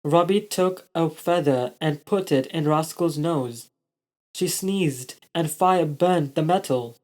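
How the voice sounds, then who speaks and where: Slow deliberate storybook reader. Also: mid-range voice, darkish tone. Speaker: storyteller reading a child's story. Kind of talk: storybook reading aloud.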